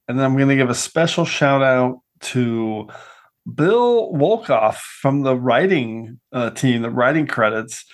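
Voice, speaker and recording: A man hosting a podcast panel, enthusiastically running through picks and stats in casual chat. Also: medium pitch. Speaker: podcast host.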